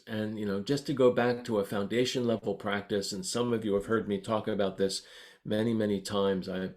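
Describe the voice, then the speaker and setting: Gentle man giving a dharma talk. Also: on the low side. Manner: gentle, unhurried, conversational. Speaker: meditation teacher.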